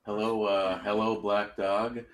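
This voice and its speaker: Low-voiced man with dry teasing. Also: unhurried. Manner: dry teasing, deadpan insults. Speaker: co-host. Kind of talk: casual radio chat.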